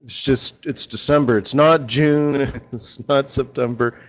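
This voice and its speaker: A man's voice: mid-range voice, steady tone, a little slow, rough recording. A man leading a live forex strategy session, chatty and joking, talking straight to his viewers.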